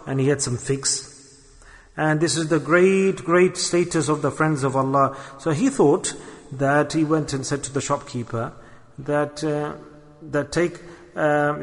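A man's voice: fairly high pitch, a bit bright. A man preaching a sermon, telling a story and restating phrases for emphasis. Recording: long hall reverb.

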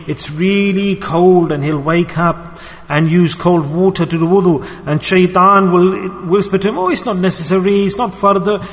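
A man delivers a sermon in a fairly high voice, and it rings with a long reverb like a large hall. He often asks his listeners questions and calls for their responses. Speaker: preacher. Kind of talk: sermon to a congregation.

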